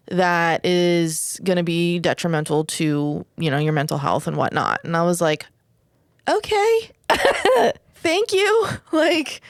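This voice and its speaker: A woman telling a personal story in relaxed podcast chat. Her voice is smooth and crisp, set a little low, and the recording sounds dry and close. She talks candidly, with plenty of "like" and "whatever.". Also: no room sound. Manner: swears casually. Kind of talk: casual chat.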